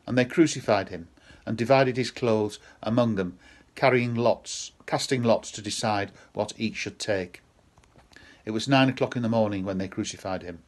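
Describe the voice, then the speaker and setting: A man reading a Gospel passage aloud in a measured, solemn way. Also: lowish voice. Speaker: scripture reader.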